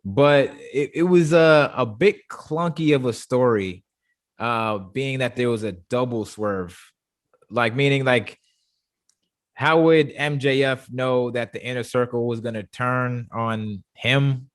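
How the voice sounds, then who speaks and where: A man hosting a casual review chat, stumbling and repeating words when he gets excited. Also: mid-range voice, slow. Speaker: show host.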